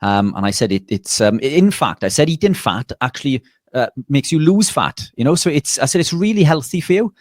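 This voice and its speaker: A man's voice: mid-range voice, a little fast, few pauses, no echo. Man telling a story, dry sound. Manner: lively anecdotal telling with frequent restarts. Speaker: guest, nutritionist and bodybuilder. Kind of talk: casual interview storytelling.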